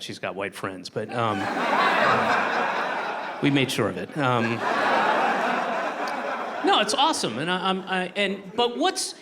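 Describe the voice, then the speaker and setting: A man doing stand-up, telling a rambling, self-mocking story full of swearing, with a live audience. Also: medium pitch. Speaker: stand-up comedian. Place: stage before a laughing audience. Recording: live stage recording with audience noise.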